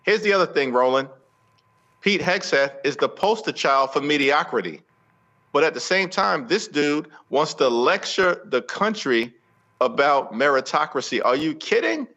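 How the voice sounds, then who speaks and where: Forceful man with a speechmaking cadence. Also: on the high side, expressive, normal speed, lo-fi sound. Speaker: guest politician. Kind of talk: political interview.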